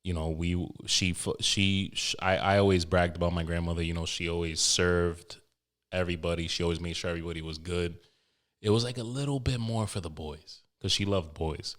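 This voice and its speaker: A man's voice: sits low, steady tone, brisk, a bit bright. A young man hosting a podcast, rambling through an emotional, profane story with many restarts. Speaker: podcast host. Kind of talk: casual podcast monologue.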